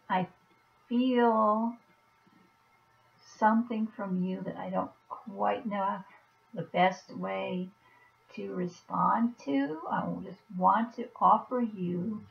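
A woman talking softly and gently to a viewer in a personal video message, reassuring, with halting pauses. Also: mid-range voice, creaky. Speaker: vlogger. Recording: dull lo-fi recording.

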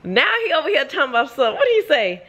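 A woman with a high, lively voice, talking straight to her viewers in a book reaction vlog. Her tone is bright and sharp, and she exclaims and swears freely as she reacts. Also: racing, muffled recording. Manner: animated, profane, exclamatory chatter addressed to viewers. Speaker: book vlogger. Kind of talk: casual reading reaction vlog.

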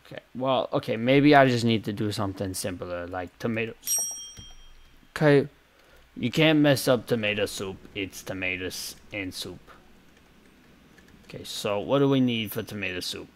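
A young man giving casual, chaotic gameplay commentary, muttering and swearing, with sudden loud outbursts. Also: fairly low pitch, normal speed, slight background noise.

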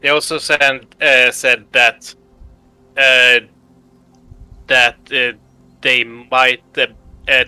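A man playing a tabletop game, speaking haltingly with many fillers. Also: mid-range voice, pushed and bright, clear, resonant tone, dry recording, poor audio. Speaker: player.

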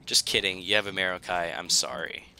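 A man's voice: deep voice, steady tone, fairly quick, pushed and bright, soft background music. A young man commentating his own strategy game, pleading and joking at the enemy in a dramatic, self-mocking way. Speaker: gaming YouTuber. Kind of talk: gameplay commentary.

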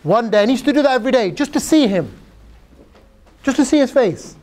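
A man with a high-pitched voice delivers a sermon. He tells stories in a lively, informal way, softening his voice for quoted lines, and speaks straight to his listeners. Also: fairly quick. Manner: lively storyteller who acts out quotes in a softer voice; direct and informal, addressing the audience. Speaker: preacher.

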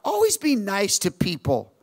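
Brief: older male pastor, high voice, dry close sound, animated storytelling sermon with call and response. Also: a little slow, vocal fry, dry recording. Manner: animated storytelling preacher, calls for amens and response.

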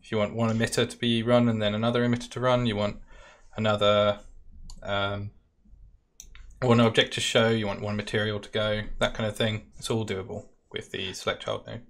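A man with a British accent, casually talking through a software demo step by step in a live-stream Q&A. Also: lowish voice, little pitch movement, fairly quick. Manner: casual, talks through steps while clicking. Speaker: product specialist demoing software.

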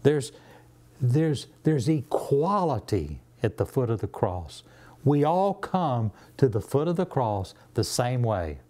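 A man with a Southern US accent, a pastor leading a Bible study in a church, animated and acting out the scripture he quotes. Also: slow pace. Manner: animated, acts out scripture quotes with rising pitch.

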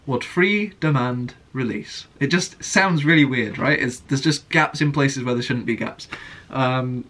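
A young man answers fans' questions on writing worship songs in a relaxed vlog Q&A, earnest throughout and singing sample lines on his own. He talks at a measured pace in a mid-range, slightly bright voice, with a little hiss or hum in the recording.

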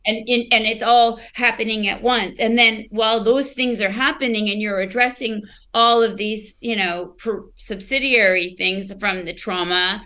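A woman's voice: fairly high pitch, steady tone, normal speed, hardly any pauses, pushed and bright. A woman, a podcast guest, telling her personal story candidly and reflectively, often searching for words and restarting.

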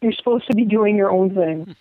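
A woman taking part in a casual interview chat, speaking in a reflective, measured way. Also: mid-range voice. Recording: tinny phone-like line.

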